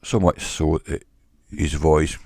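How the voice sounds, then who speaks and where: A man, a former salesman, telling a wry story to camera in a slow, deliberate way on a cheap microphone. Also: very deep voice, fairly even intonation, vocal fry, a little mellow, no room sound, studio quality. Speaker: vlogger. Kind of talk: casual monologue to camera.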